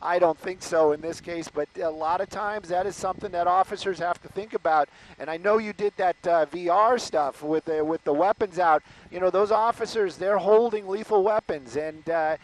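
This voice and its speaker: A man from the Los Angeles area, a news anchor giving chatty live commentary on a police chase, exclaiming and filling pauses with "uh". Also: high voice, a little hiss or hum, low-quality recording. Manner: chatty, exclaiming, lots of fillers.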